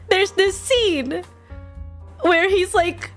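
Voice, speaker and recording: A young woman streaming casually while drawing, excitable and quick to laugh, swearing often. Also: extremely high pitch, soft background music.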